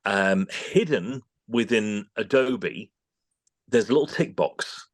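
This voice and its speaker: British guy, low voice, animated chat about voiceover work, dry close mic. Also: slow pace, dry recording. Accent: British English. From England. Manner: animated, acts out studio exchanges in quoted voices. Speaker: voice-over artist guest. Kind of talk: casual interview chat.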